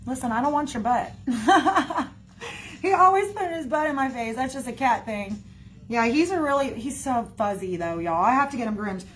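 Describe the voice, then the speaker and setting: A woman's voice: high-pitched, lively intonation, moderate pace, fairly bright tone, faint music behind. A woman chatting casually to her viewers in a rambling way, full of fillers and "y'all". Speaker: livestreamer talking to viewers. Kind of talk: casual chat.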